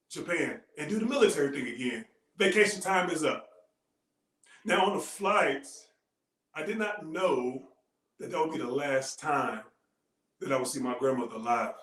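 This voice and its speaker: A man giving a heartfelt motivational talk, telling a personal story with earnest, dramatic pauses. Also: fairly high pitch, a bit bright. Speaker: motivational speaker. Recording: roomy echo.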